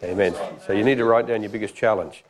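A male preacher delivers a sermon in a loose, joking, conversational way. His voice sits fairly low, and he pauses with frequent fillers between his points. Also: fairly even intonation.

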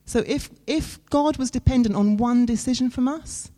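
A woman with a warm, mellow, slightly high voice preaches a sermon. She addresses her listeners earnestly and conversationally, leaning on dramatic pauses.

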